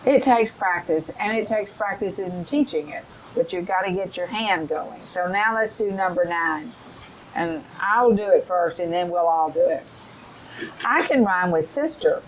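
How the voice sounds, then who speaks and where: A middle-aged woman giving a teacher training lesson, explaining in a slow, careful way and modelling rhyming drills for children. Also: on the low side, a little hiss or hum, low-quality recording.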